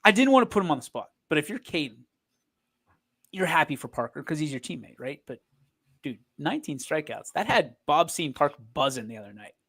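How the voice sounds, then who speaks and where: A man co-hosts a sports stream in loose, rambling banter, pitched a little high for a man. He teases his partner playfully and drifts from topic to topic. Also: big pitch swings, brisk, fairly bright tone, slightly rough. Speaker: sports show co-host. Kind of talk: casual banter. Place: streaming studio.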